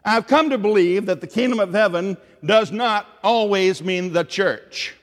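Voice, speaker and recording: A man's voice: high-pitched, measured pace, big-room sound. A man with a Tennessee Southern accent preaching a sermon in an earnest, conversational way, often putting questions to his listeners.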